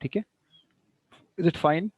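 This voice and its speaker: A man teaching a class online through a computer mic, unhurried, often repeating words as he plans what to say. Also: darkish tone, no room sound. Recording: dull lo-fi sound.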